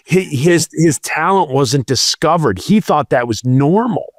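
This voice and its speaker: Slow, rambling man joking around. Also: on the high side, expressive, no echo, studio quality. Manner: rambling, jokey, drawn-out storytelling. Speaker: podcast co-host. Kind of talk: casual comedic chat.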